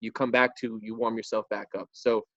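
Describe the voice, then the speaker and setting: A man's voice: fairly low pitch, little pitch movement, a little fast, pushed and bright, dry recording. A man hosting a group video call, giving encouraging motivational talk in casual slang. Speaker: call host. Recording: dull, dry video call audio.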